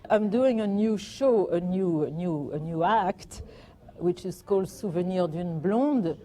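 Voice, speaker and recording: An older woman from France with a French accent, chatting in an interview and telling anecdotes with gentle amusement. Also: lowish voice, unhurried. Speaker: guest, performer. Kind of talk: reminiscing interview.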